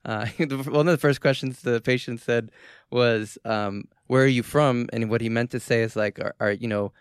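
Brief: man from Boston, smooth clear voice, animated chat, dry sound. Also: mid-range voice, normal speed, no room sound. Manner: animated storyteller, many fillers. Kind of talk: casual podcast chat.

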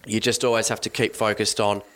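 A man's voice: fairly low pitch, little pitch movement, fairly quick, a bit bright. Australian man, thirties, podcast guest, loose rambling chat. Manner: chatty, full of restarts and laughs. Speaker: podcast guest, business director. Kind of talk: casual chat.

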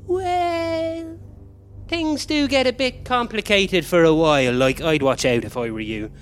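A high voice carries this live comedy performance, captured on a theatre stage with soft music in the background. The actor portrays a flustered male time traveller trading fast, confused bickering with the copies of himself he keeps encountering.

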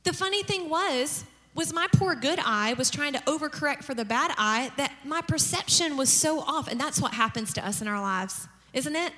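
A woman pastor giving a sermon, telling lively family stories and acting out their lines. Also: sits high, moderate pace. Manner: storytelling with acted-out family dialogue and humor. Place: church hall. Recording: long reverb of a large church hall.

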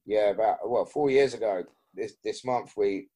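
A man's voice: lowish voice, normal speed, dark tone, breathy edge. A man talking as a podcast guest in casual chat, rambling with restarts and frequent swearing. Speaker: podcast guest, BMX rider.

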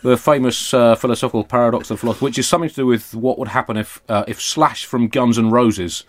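A man's voice: mid-range voice, fairly even intonation, quick pace. English man, comedy podcast host, dry, mock-formal, digressive. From Britain.

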